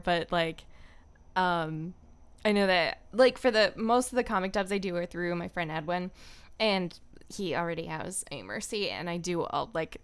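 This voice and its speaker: A woman voice actor chatting casually on a livestream from home, self-deprecating, laughing often and filling pauses with ums. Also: mid-range voice, clean tone. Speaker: voice actor streamer.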